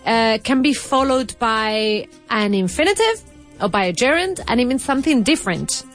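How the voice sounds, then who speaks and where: A woman co-hosts an English lesson, her high voice swooping up and down as she teases her partner. She explains phrases in a casual, chatty way over faint music. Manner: playful, animated, quick to tease. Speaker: co-host of an English lesson podcast. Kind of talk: casual teaching chat.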